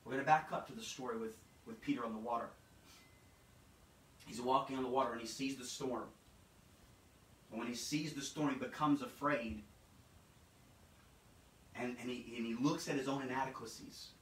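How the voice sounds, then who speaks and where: A man preaching a sermon, dramatic and repetitive, swinging between shouts and hushed, low passages. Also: fairly even intonation, normal speed, pauses often, slight background noise. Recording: echoey room, mic at a distance.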